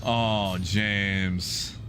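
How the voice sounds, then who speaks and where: A man's voice: on the low side, steady tone, very slow, fairly bright tone, a little hiss or hum. A male game streamer chatting casually with his live viewers in a rambling, easygoing way with many fillers.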